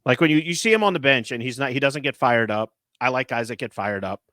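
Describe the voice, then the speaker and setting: A man hosting a casual sports podcast, talking in an animated, rambling way with lots of filler words. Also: mid-range voice, quick pace, dry recording, clean studio sound. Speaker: podcast host.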